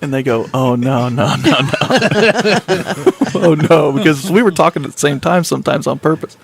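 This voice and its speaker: A man's voice: on the high side, moderate pace, creaky, a crowd in the background. A man hosting a casual talk show, telling a road-trip story with lots of laughter and acted-out quotes. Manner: animated storyteller, laughs often, acts out quotes. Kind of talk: casual group chat, storytelling.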